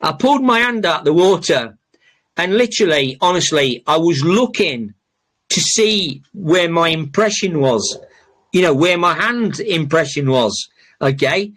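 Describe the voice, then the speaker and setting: A man's voice: a little high, animated, unhurried, fairly bright tone. A middle-aged man hosting a podcast, telling casual stories with lots of fillers, restarts and swearing. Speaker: podcast host. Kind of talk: casual storytelling monologue.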